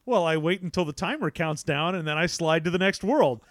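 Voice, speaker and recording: A man co-hosting a comedy podcast, sarcastic and quick to swear and laugh. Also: on the high side, lively intonation, dry recording, clean studio sound. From outside the US. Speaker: podcast co-host. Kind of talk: casual comedic chat.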